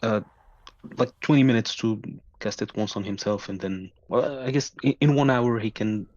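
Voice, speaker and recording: Player, male, halting and unsure, muffled dry home-mic sound. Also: on the low side, darkish tone, dry recording. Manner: hesitant, full of uh and restarts. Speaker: tabletop game player. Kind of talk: casual game chat.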